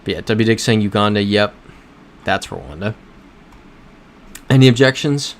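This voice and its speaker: A man's voice: lowish voice, normal speed. A man hosting a casual livestream while playing a geography game, talking in a rambling, self-correcting way and answering chat. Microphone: desk microphone.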